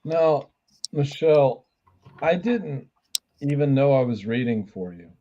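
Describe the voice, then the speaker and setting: A man's voice: medium pitch, expressive, measured pace, warm tone, slight background noise. Brief: male spiritual reader, blunt and profane, rambling delivery, muffled stream audio. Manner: blunt, swears casually, rambling restarts. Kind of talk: live spiritual reading.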